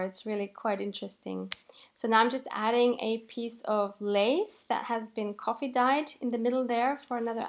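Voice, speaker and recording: Higher-voiced woman narrating a craft video. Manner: relaxed step-by-step explaining with light laughs. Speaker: craft channel host.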